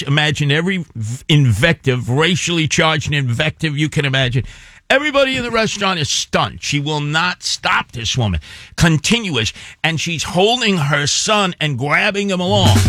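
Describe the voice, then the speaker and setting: A man's voice: a little high, bright, forceful tone, no echo, clean studio sound. Man retelling a story emphatically. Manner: rambling, emphatic retelling with asides. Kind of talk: casual talk-show storytelling.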